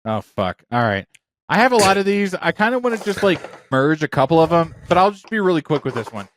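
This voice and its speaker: A man co-hosting a podcast in casual chat, animated and swearing, quick to play defensive. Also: fairly high pitch, no room sound. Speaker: podcast co-host.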